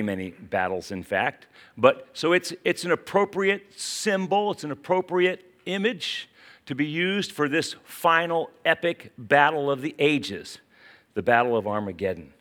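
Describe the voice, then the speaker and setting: A man with a West Virginia accent preaching a sermon, dropping to quiet asides and then rising to urgent, emphatic calls. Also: mid-range voice. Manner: dramatic swings from hushed asides to urgent exclamations. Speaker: pastor.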